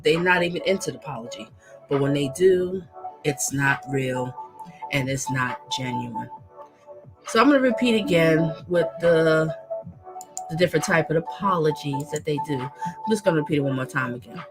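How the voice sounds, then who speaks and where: A woman with a low voice hosts a casual livestream, speaking emphatically and circling back to repeat her points. She reads viewer comments aloud as she goes. Music plays clearly underneath her voice. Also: expressive, normal speed. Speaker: livestream host and coach.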